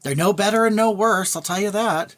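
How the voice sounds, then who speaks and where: A woman livestreamer reads her chat and rants casually, speaking bluntly, thanking viewers by name, and repeating her points. Her voice is medium-pitched, fairly quick, and a bit bright.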